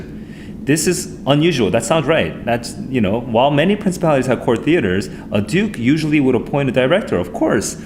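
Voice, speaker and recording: A man streaming live as an SAT tutor, thinking aloud in an excitable, rambling way as he walks through test questions at his computer. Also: medium pitch, slight background noise.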